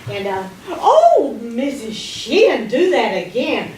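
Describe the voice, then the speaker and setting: A woman playing a smooth-talking male con-man music professor in a stage musical, with flattering, wheedling salesman patter. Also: fairly high pitch, takes it slowly, slight background noise, exaggerated voice. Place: theater stage. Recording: echoey stage sound from far off.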